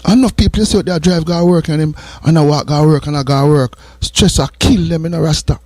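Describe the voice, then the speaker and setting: With a fairly high pitch and darkish tone, this Jamaican male host speaks fairly quickly on morning radio. His preachy, sermon-style advice is earnest and repetitive, mixing patois and English. The recording is dry and close, free of echo.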